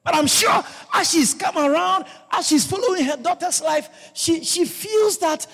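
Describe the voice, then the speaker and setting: A male pastor preaching a sermon and telling personal stories, swinging from loud exclamations to low murmurs. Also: unhurried, vocal fry. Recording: long hall reverb.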